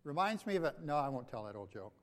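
A man's voice: mid-range voice, very animated, quick pace. A pastor giving a conversational sermon, asking his congregation questions. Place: church sanctuary. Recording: long hall reverb.

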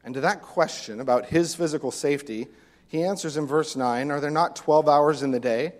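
A man preaching a sermon as pastor, animated, acting out voices from the text. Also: on the high side, a little fast. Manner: animated, acts out the disciples' lines. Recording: long reverb of a hall.

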